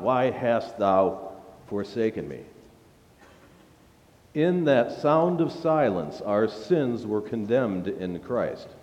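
A man preaching a sermon as pastor, reading scripture in a slow, deliberate way. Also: mid-range voice, darkish tone. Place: church sanctuary. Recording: dull lo-fi sound in a reverberant sanctuary.

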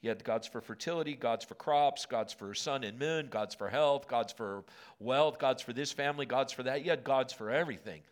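A male pastor preaching a sermon in a church auditorium, moving from hushed lines to emphatic ones. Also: mid-range voice, moderate pace.

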